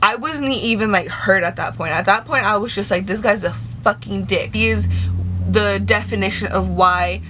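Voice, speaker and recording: A woman's voice: mid-range voice, moderate pace, noisy background. A young woman vlogger telling a storytime tale in casual chat, swearing a lot and retelling it with animation. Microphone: camera mic.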